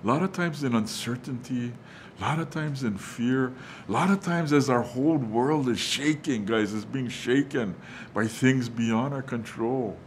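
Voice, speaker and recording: Halting male pastor preaching. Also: medium pitch, a little hiss or hum. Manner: halting delivery with many fillers and restarts; addresses listeners as guys. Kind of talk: sermon.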